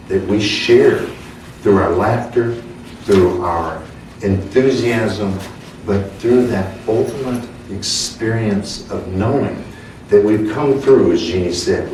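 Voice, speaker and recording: A man leading a church service, telling a story slowly and chuckling as he preaches. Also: fairly low pitch. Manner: slow, warm storytelling with chuckles. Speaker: minister. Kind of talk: sermon. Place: church sanctuary. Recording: echoey hall, distant mic, faint hum.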